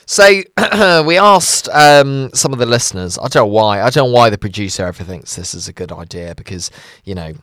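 Male radio host, chatty and self-mocking, very lively pitch. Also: normal speed, few pauses, dry recording. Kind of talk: casual radio chat.

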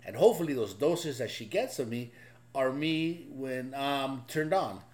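A man's voice: medium pitch, expressive, a little slow. A married man in casual podcast chat, rambling and swearing, stammering as he talks about himself. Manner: rambling, profane, self-deprecating, stammers.

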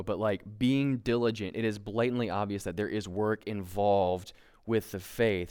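A man's voice: fairly low pitch, moderate pace, clean tone. A young man giving a casual sermon, conversational and self-deprecating, with lots of fillers and restarts. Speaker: preacher.

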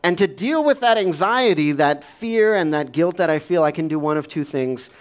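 Casual, chuckling pastor with a raised pitch. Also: male voice, moderate pace. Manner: casual, filler-heavy, laughs often, shifts between soft and lively. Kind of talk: conversational sermon.

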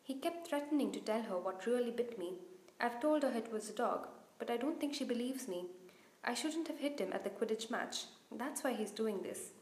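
A woman voicing a hoarse, anxious schoolboy fretting from a hospital bed, in a roomy-sounding recording. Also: a little high, animated, moderate pace, darkish tone, natural voice. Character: worried schoolboy stuck in the hospital wing, hoarse. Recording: roomy echo.

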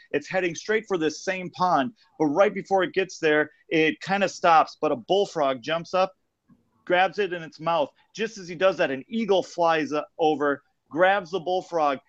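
A young man co-hosting a podcast, telling a long rambling joke in casual chat. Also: on the high side. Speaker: podcast co-host. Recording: dull lo-fi sound.

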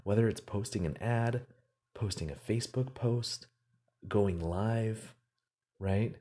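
A man's voice: lowish voice, a little slow, long pauses, warm tone. A man giving an earnest, motivational casual talk, rambling with fillers and repeated words.

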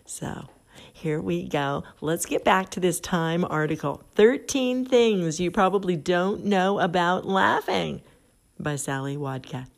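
A woman's voice: on the low side, slow pace, vocal fry. A middle-aged woman hosting a podcast, chatting casually and reading an article aloud, often laughing at what she reads. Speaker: podcast host. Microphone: phone app.

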